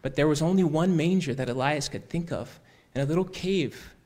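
A man telling a story aloud in an unhurried, conversational way, often repeating "he said" and restarting phrases. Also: on the high side, a little mellow. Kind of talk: oral storytelling.

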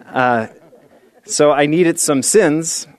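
A man's voice: a little high, extremely slow. A man giving a playful, storytelling sermon with self-deprecating humor, leading the group through an exercise and a short meditation. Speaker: speaker at a spiritual service.

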